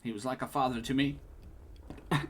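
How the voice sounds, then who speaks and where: A man's voice: medium pitch, fairly even intonation, fairly quick. A young man casually commenting on his playthrough of a game, joking around and laughing often. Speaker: gaming streamer. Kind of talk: casual let's-play commentary.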